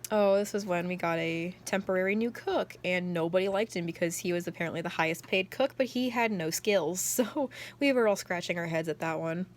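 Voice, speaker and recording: A woman's voice: on the low side, a little fast, hardly any pauses. Rambly young woman, filler-heavy chat. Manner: excitable storyteller. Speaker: journal vlogger. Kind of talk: casual chat.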